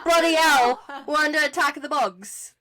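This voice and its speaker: A woman's voice: sits high, normal speed, crowd noise, voice pushed up, close to an everyday voice, poor audio. A woman playing an exaggerated British person complaining about bugs, in a jokey, over-the-top mock British accent. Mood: mock alarm.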